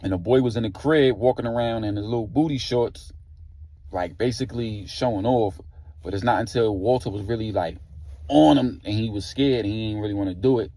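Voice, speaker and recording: A man's voice: fairly low pitch, fairly quick, dark tone. A man retelling a story in a casual, slangy way, leaning on "like" and "you know" as he goes. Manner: slangy, loose, heavy on filler "like".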